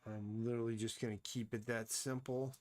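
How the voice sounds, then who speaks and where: A man's voice: medium pitch, flat delivery, brisk, darkish tone. A man thinking aloud and rambling casually while he draws on a live stream. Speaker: artist streaming his drawing.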